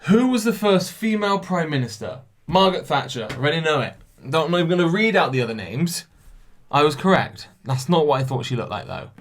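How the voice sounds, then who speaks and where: A man's voice: a little high, sing-song, a little fast. A young man hosting a casual solo podcast, reading quiz questions aloud, stumbling over names and mocking himself. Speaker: podcast host.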